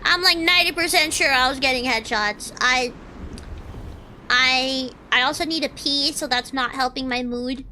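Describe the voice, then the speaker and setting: A woman's voice: high voice, normal speed, bright, forceful tone, a little hiss or hum. A young woman streaming a game, exclaiming, swearing and raging at her matches. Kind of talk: live gameplay commentary.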